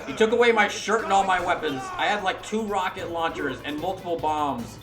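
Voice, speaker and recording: A British man gives casual commentary over his game stream, rambling and correcting himself mid-sentence. His voice sits a little high for a man. A roomy echo and faint music play behind him. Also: brisk. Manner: rambling, self-correcting, chatty.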